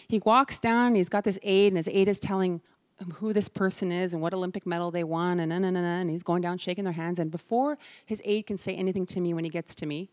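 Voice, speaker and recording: A woman in her forties from Canada, giving a lively storytelling talk to a live audience and acting out the voices of the people in her stories. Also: mid-range voice, normal speed, dry recording. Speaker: keynote speaker. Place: large event hall before a live audience.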